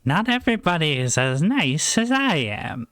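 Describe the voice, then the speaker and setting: A game master voicing a sly, menacing witch who runs a shop, speaking slowly and teasingly in a tabletop game. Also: mid-range voice, big pitch swings, a bit bright, no room sound, studio quality, soft background music, voice pushed up. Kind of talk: tabletop role-play voicing.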